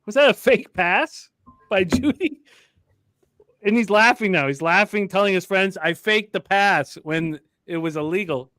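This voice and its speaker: A man's voice: sits high, moderate pace, a bit bright, no echo, studio quality. A man co-hosting a casual live sports betting stream, joking, swearing and laughing often. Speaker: podcast co-host.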